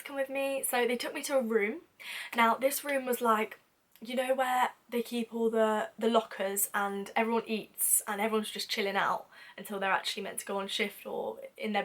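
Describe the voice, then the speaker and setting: Young British woman, higher voice; chatty, self-mocking storyteller for a vlog. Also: fairly bright tone. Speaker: vlogger.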